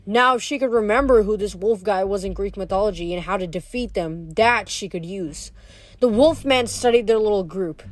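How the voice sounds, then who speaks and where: A woman reading a novel aloud, steady, with small stumbles over words now and then. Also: mid-range voice. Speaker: reader.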